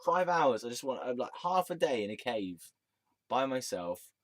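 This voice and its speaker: A man's voice: mid-range voice, big pitch swings, normal speed, no echo. A man telling a rambling, sweary personal story as a vlogger, often breaking into laughter.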